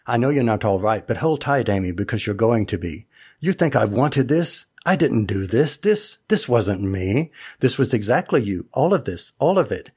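A man's voice: medium pitch, very animated, normal speed, a little mellow, slightly rough. A man reciting River Song's confrontation with the Doctor from memory, in close to his own voice. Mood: accusing. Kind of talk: recited dramatic monologue.

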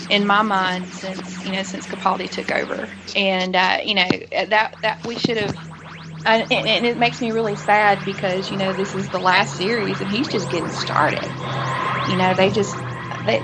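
A woman's voice: medium pitch, low-quality recording. A woman chatting as a guest on a podcast, talking with enthusiasm and lots of fillers. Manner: enthusiastic, rambling, many "you know" fillers. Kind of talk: casual chat.

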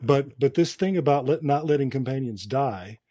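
Speaking at a normal pace, this man has a warm, animated, mid-range voice. He's a film professor co-hosting a podcast, chatting casually, recounting cinema history like a lecture and laughing between points. The audio is studio quality with no echo.

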